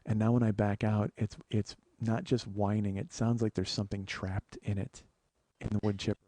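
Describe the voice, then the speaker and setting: A man hosting a comedy podcast, telling an exasperated, profane story that swings from low muttering to loud outbursts. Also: flat delivery, normal speed, no echo. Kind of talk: storytelling monologue.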